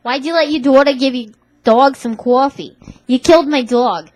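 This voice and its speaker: A woman's voice: sits high, normal speed, darkish tone, no room sound, natural voice. A woman voicing a hotheaded male Brooklyn tough guy in a put-on Brooklyn accent, accusing and angry.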